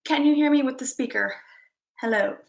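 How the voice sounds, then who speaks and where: A woman's voice: high voice, gravelly, a little hiss or hum. Breathless woman hosting a livestream. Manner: halting, repeats herself, checks on viewers. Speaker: psychic livestream host. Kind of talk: casual livestream chat.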